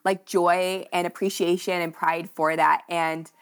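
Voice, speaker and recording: A woman's voice: on the low side, little pitch movement, a little slow, smooth. A young woman speaking as a podcast guest, telling a personal running story in an emotional, heartfelt way, with many fillers like "like" and "you know".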